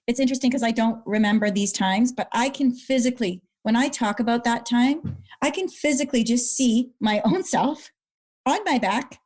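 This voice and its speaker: A woman's voice: high-pitched, a little mellow. A middle-aged woman, a podcast guest earnestly telling a personal story and repeating words when moved. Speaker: guest, brain injury survivor.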